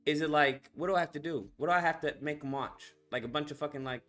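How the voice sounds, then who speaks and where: A man's voice: a little high, quick pace, fairly bright tone, soft background music. A man hosting a stream, reacting with crude, profane, slang-heavy banter. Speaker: streamer host reacting to videos. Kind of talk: casual reaction commentary.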